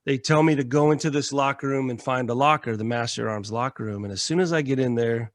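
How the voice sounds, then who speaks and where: A man from the United States, a military veteran and podcast guest, telling stories in a casual, animated way, acting out quotes and swearing freely. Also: mid-range voice, fast, dry recording, clean studio sound. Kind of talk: casual storytelling.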